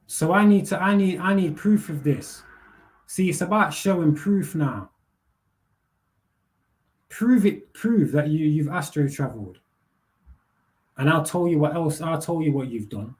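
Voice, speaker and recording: A man's voice: on the high side, moderate pace, a little mellow. A young man, hosting a live panel and ranting bluntly with heavy swearing, street slang and repeated words. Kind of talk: casual rant.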